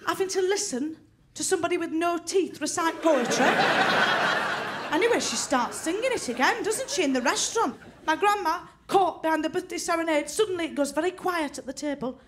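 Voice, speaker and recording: A woman, performing a deadpan stand-up comedy routine in front of a laughing live audience. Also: very high-pitched, noisy background. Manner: deadpan punchlines, quick character voices.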